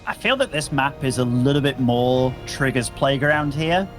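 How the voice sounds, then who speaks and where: A man's voice: medium pitch, normal speed, fairly bright tone, soft background music. An English man commentating an esports match, chatty and casual with lots of fillers. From England. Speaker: esports caster. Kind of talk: play-by-play commentary.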